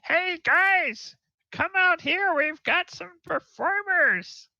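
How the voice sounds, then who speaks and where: A man voicing an excitable gnome who shouts gleefully in a squeaky voice. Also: drawn-out words, creaky, dry recording, clean studio sound, heavily acted. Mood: delighted. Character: cheering excitable gnome crowd member.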